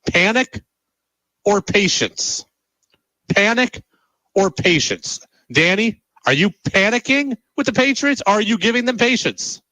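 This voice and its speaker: A man's voice: high voice, expressive, a little slow, pushed and bright, no room sound, low-quality recording. A man hosting sports talk radio, exasperated and emphatic, hammering his points home with repeated rhetorical questions.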